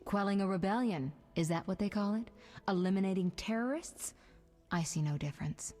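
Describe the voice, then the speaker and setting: A woman's voice: mid-range voice, fairly quick, a little mellow, soft background music, lightly acted. An actress voicing a poised female sorceress who talks in a dry, ironic way. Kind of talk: video game dialogue.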